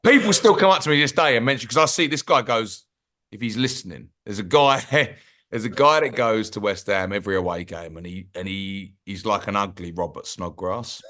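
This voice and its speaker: A man's voice: lowish voice, brisk, sharp tone. Man telling chatty fan stories. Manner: chatty storyteller, laughs at his own anecdotes. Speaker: podcast co-host. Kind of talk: casual chat.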